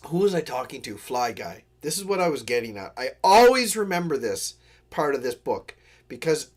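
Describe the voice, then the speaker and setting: A man hosting a live stream, telling a story in a casual, earnest way with digressions and apologetic asides. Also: on the high side. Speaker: livestream host.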